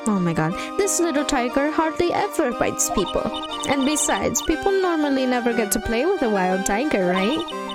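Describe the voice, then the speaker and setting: Chirpy young circus tamer girl, as a woman voices her, airy sing-song voice, very high, game music behind.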